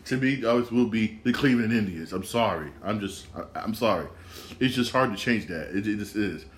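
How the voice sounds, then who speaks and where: Low-voiced man rambling about sports. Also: lively intonation, a little fast. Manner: rambling, repeats himself, rants. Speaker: sports podcast host. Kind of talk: casual solo sports talk.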